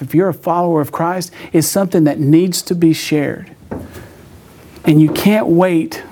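A middle-aged man preaches to a young crowd in a slightly higher-than-usual voice. He tells personal stories loosely and warmly, with self-mocking asides and little acted-out voices. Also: slight background noise. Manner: storytelling with jokes, acts out voices. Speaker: youth pastor. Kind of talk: sermon.

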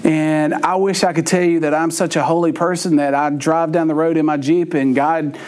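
A man's voice: fairly high pitch, little pitch movement, moderate pace, darkish tone, a little hiss or hum. A middle-aged man preaching a humorous sermon, telling folksy stories with playful asides.

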